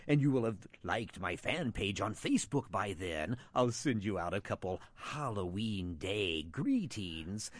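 A man's voice: fairly low pitch, dry recording. A man playing a macabre horror show host, dramatic and spooky in delivery. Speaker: guest.

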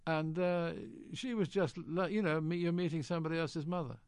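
A man's voice: a little high, steady tone, fairly quick, smooth, no room sound. An older British man, an actor, genially telling anecdotes in an interview and acting out quoted lines. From Britain. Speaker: actor guest.

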